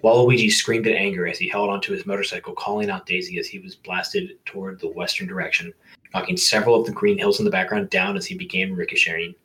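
A man's voice: low-pitched, steady tone, quick pace, pushed and bright, poor audio. A man casually reading a silly fan story aloud, stopping to joke and laugh. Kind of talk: casual comedic read-aloud.

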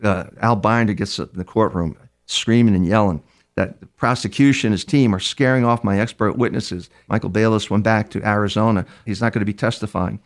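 A man's voice: lowish voice, steady tone, a little fast. An older man, a criminal profiler guest in an interview, telling stories conversationally with frequent restarts and repeated words. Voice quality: gravelly. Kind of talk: conversational storytelling.

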